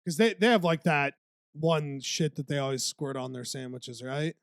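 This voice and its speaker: A man's voice: fairly high pitch, moderate pace, creaky, no echo, clean studio sound. A young man co-hosting a podcast, laid-back and casual, swearing and calling his friend "dude". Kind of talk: casual chat.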